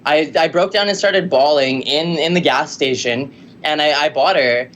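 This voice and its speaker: An excitable man from Canada tells a story over a video call, laughing often and sprinkling his talk with fillers. His voice sits a little high for a man. A faint hum of room noise runs underneath. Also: moderate pace. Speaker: podcast guest, musician.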